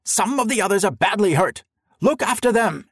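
A man narrating a story puts on an angry middle-aged leader whose high-pitched voice has gone husky, barking orders. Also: lively intonation, moderate pace, no room sound, studio quality, heavily acted. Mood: insistent.

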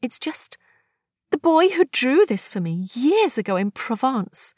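A woman reader voicing a wistful adult woman in a story, with a higher, lively voice. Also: measured pace, no echo, studio quality, heavily acted.

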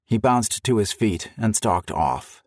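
A man's voice: lowish voice, expressive, slow, a little mellow, dry recording, studio quality. A man narrating a historical story for an audiobook, telling it in a dramatic, vivid way.

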